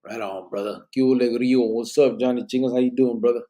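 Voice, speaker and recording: A man's voice: mid-range voice, steady tone, quick pace, warm tone. A man hosting a live podcast, reading out chat comments in a loose, rambling way with bits of Spanish slang, sounding tired and yawning. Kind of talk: casual live-stream chat.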